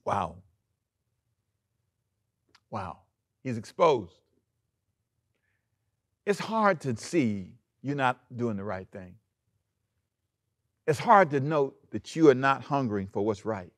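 A man pastor preaching a sermon in an animated way, acting out quoted lines and chuckling often. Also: mid-range voice, takes it slowly, long pauses, no room sound, clean studio sound.

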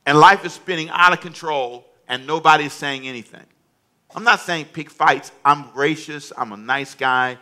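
A man's voice: fairly high pitch, moderate pace, pushed and bright. A male pastor preaching a sermon, emphatic and humorous, in a storytelling manner.

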